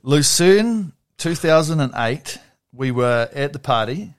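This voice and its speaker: A man's voice: a little high, animated, slow, a little hiss or hum. Rambling, swearing middle-aged man. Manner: rambling, swears freely, restarts. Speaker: podcast guest. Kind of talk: casual storytelling.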